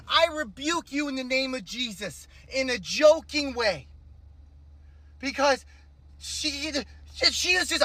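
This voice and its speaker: Furious woman reacting on camera, high and bright, dry mic. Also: expressive, unhurried, no room sound. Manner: outraged, swearing, shouting in bursts. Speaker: commentator reacting to a video. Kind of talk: emotional reaction commentary.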